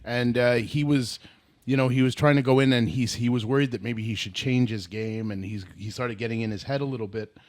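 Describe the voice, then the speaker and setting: A man's voice: medium pitch, fairly even intonation, brisk, a little mellow, dry recording. Man co-hosting, dry close sound. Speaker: podcast co-host. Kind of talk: casual podcast chat.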